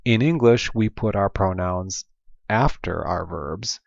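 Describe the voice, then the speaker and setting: A man's voice: low-pitched, takes it slowly, gravelly, no room sound. A man with an Oklahoma accent teaching a language lesson patiently, with frequent ums and restarts. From Oklahoma, United States. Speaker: Spanish teacher. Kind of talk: classroom lesson over slides. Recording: dull lo-fi voice-over.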